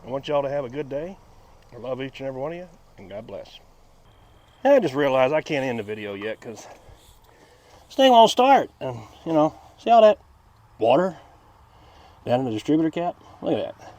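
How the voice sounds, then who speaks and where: A car-restoration vlogger chats folksily from an outdoor setting, his tone bouncing between high-pitched excitement and flatness. He keeps a moderate pace with frequent pauses.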